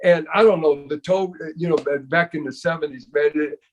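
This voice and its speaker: A man's voice: on the high side, brisk. An older man telling a story as an interview guest, rambling with many restarts and repeated fillers.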